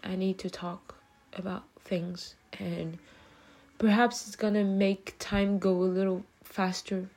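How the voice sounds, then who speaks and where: Soft-spoken tearful young woman vlogger. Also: mid-range voice, little pitch movement. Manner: soft, halting, full of fillers and restarts. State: tearful after crying. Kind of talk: late-night confessional talk to camera.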